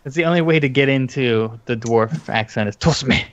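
A man's voice: mid-range voice, a little fast, dull audio. A man co-hosting a casual podcast about tabletop games, talking in a rambling, hesitant way with many fillers. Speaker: podcast co-host.

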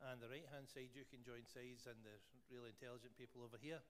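A man's voice: medium pitch, quick pace. Scottish man speaking in a reverberant church. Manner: playful, jokey, animated with the room. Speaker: church leader. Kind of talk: prayer then lively church quiz. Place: church hall. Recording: long church-hall reverb, faint noise.

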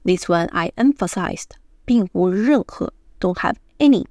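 A woman teaching Mandarin pronunciation, explaining in short phrases and slowly repeating the example words. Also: lowish voice, animated, darkish tone, no echo, studio quality. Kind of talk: pronunciation lesson.

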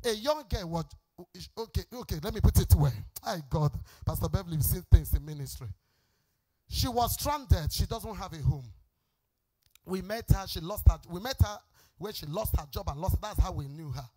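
A woman's voice: fairly low pitch, expressive, moderate pace, warm tone, husky. A middle-aged woman pastor with a Nigerian accent, preaching in a sing-song cadence and scolding her congregation emphatically. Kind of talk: sermon. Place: church service.

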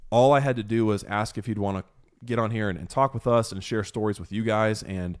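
A man's voice: on the low side, fairly quick, clean tone. A young man hosting a podcast, who tells a story in a casual chat and acts out the quotes with animation. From United States. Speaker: podcast host.

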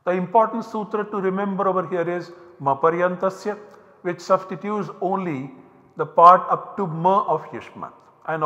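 A man with an Indian English accent giving a recorded university lecture, explaining step by step with measured pauses. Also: high voice, sharp tone. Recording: dull, hall-like lecture recording.

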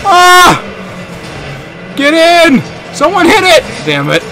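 A man streaming a car game, joking and yelling at the game as he plays. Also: extremely high pitch, music in the background, crowd noise. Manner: joking, animated, quick to laugh and yell at the game. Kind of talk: casual gaming stream commentary.

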